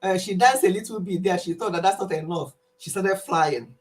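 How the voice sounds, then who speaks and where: A woman hosting a live stream, greeting viewers with excitement and leading an earnest prayer. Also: on the low side, normal speed.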